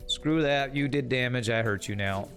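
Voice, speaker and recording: A man's voice: medium pitch, moderate pace, fairly bright tone, faint music behind. Wry man streaming a game. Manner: wry, teasing, talks to chat while playing. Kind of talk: casual game commentary reading chat.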